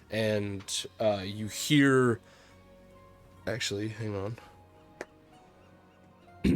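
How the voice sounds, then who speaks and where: A man running a tabletop game as game master, narrating slowly with many ums and restarts. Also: on the low side.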